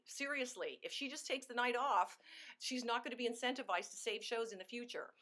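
A woman's voice: fairly high pitch, fairly quick, pushed and bright. A woman giving a sales coaching talk, emphatic and acting out sample phone calls. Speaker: sales team trainer.

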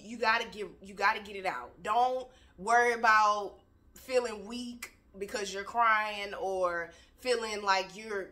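Candid, bright-voiced woman giving tough-love advice. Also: medium pitch. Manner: candid, swears freely, preachy and animated. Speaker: motivational vlogger. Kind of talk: casual motivational talk to camera.

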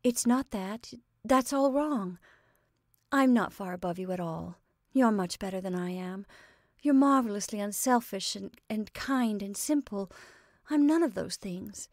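A woman's voice: mid-range voice, no room sound, studio quality, lightly acted. A woman voicing a playful, impulsive young woman who bubbles over with laughter. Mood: earnest. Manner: bright, bubbly, quick to laugh.

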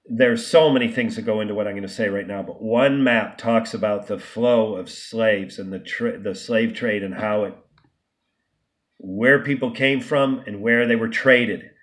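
Low-voiced man, indignant vlog monologue. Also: a bit bright. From United States. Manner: emphatic, indignant, with frequent restarts and stumbles. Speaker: vlogger. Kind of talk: unscripted monologue to camera.

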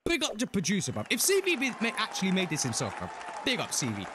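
A young British man hosting a reaction video, talking in excited casual commentary full of slang and cheers. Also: sits high, fast talker, some chatter behind, a little hiss or hum. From United Kingdom.

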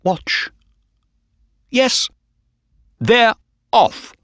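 A man voicing a calm, quietly confident detective in a storybook reading, speaking in a measured way. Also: extremely high pitch, no echo, pitched above the performer's own voice, exaggerated voice. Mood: watchful.

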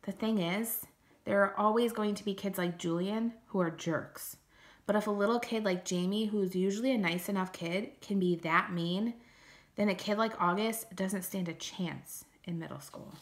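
A woman's voice: medium pitch, moderate pace. A woman narrating a first-person story aloud in a plain, conversational way. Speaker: audiobook reader.

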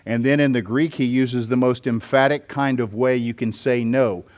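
A man's voice: medium pitch, steady tone, normal speed, a little mellow. A man, a pastor, preaching an expository sermon and explaining scripture step by step, with occasional fillers.

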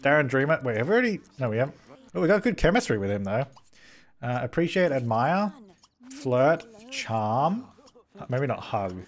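A man hosting a gaming video, giving excitable let's play commentary, fretting aloud and talking at the characters on screen. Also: mid-range voice, moderate pace. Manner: excitable, frets aloud and talks at the game characters.

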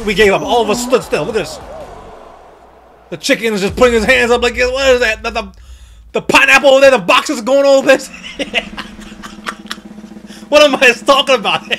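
A young man commentating his own gameplay, excitable, cursing and often yelling at the game. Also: sits high. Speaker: gaming YouTuber. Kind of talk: excited let's-play commentary.

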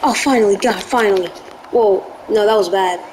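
A woman's voice: medium pitch, normal speed, a little mellow, slight background noise, rough recording. A woman giving live gameplay commentary, jumpy and easily spooked, yelping in panic. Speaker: gaming video creator.

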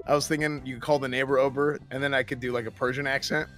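A man's voice: mid-range voice, flat delivery, fairly bright tone, faint music behind. A male streamer chatting casually and eagerly. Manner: eager, quick. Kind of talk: casual chat.

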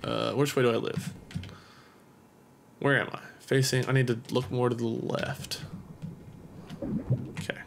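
A man's voice: mid-range voice, little pitch movement, a little slow, creaky, pauses often, slight background noise. A young man doing let's play commentary, goofy and self-mocking, talking to himself and to the game's creatures. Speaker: gameplay commentator. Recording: game music behind voice.

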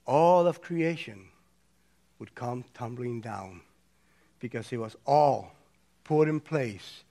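High-voiced older man preaching slowly. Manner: swings from slow, hushed emphasis to excited shouting; repetitive, rhythmic preaching cadence. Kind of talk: sermon.

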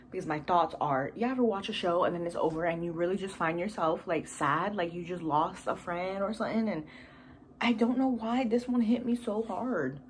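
A woman's voice: medium pitch, slight background noise. A woman vlogging casually at home, reviewing a TV series in a gushing, emotional, rambling way with sighs and fillers. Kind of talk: casual chat. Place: home room with TV behind camera.

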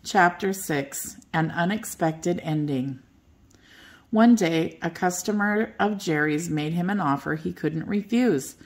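An older woman reading a children's bedtime story aloud in a gentle, expressive way. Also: on the low side, slow pace.

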